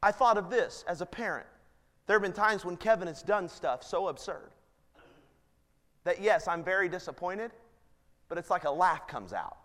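High-voiced preacher in a reverberant hall. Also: male voice, lively intonation, moderate pace, long pauses, a bit bright. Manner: earnest, rising to emphatic appeals. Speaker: pastor. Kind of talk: sermon.

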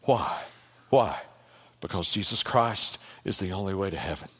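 A pastor preaching a sermon in an animated way, with repeated phrases and calls of "amen" to the congregation. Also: male voice, sits low, moderate pace, slightly rough. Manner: animated, repetitive rhetorical preaching with call-and-response. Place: church sanctuary. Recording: long hall reverb in a church.

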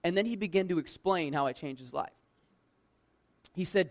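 A man who works at a church tells a personal anecdote in a lively, conversational way, full of "like" and self-mocking humor. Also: sits high, normal speed, pauses often. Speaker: church worker telling a personal story. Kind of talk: casual personal storytelling.

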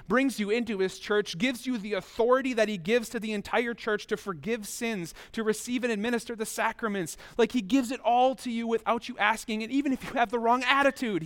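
A pastor with a notably high voice delivers a sermon, talking a little fast with few pauses. He stays conversational, addressing listeners directly and leaning on rhetorical questions.

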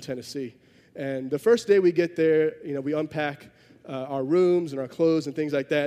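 High-voiced man preaching in a reverberant hall. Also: warm tone. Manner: conversational, self-deprecating humor. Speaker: pastor. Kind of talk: sermon with storytelling.

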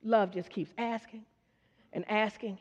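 Steady and unhurried, this woman's mid-range voice leads a sermon in a church hall. She uses call-and-response to question the congregation and gives the characters in her story their own quoted voices. Expect a dull lo-fi recording with long hall reverb.

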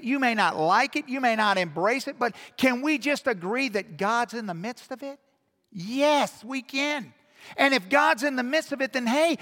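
Pastor mid-sermon, male, high voice, hushed-to-emphatic delivery, reverberant sanctuary. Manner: swings from hushed intimate asides to loud emphatic exhortation. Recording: long hall reverb.

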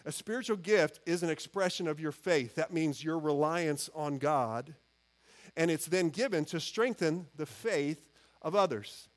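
A man's voice: a little high, animated, measured pace. A man preaching a sermon in an earnest, conversational way, often restarting his phrases. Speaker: pastor.

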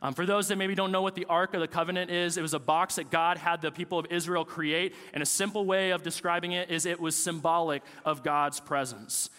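A man's voice: on the high side, fairly even intonation, brisk, few pauses, bright, forceful tone, big-room sound. A man in his thirties, a pastor preaching a sermon with casual, joking stories about family life.

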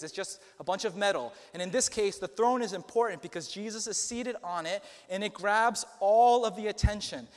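A man preaching a sermon, earnest and emphatic, slowing down to stress key phrases. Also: high-pitched, long reverb tail. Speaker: pastor.

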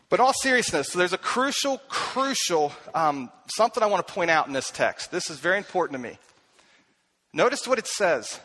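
A man preaching a sermon, telling the story with animated delivery and acting out the voices he quotes. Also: fairly high pitch, brisk. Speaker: pastor.

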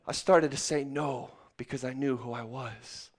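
A middle-aged man preaching a sermon, calling out to the congregation and swinging from loud, excited stretches to soft, hushed ones. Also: medium pitch, measured pace. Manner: calls out to the congregation.

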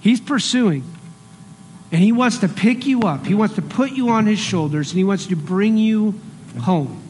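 A middle-aged male pastor with a notably high voice preaches in an earnest, conversational way. He moves between scripture and homely personal stories, speaking directly to his congregation. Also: expressive, normal speed, darkish tone, a little hiss or hum. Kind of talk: sermon.

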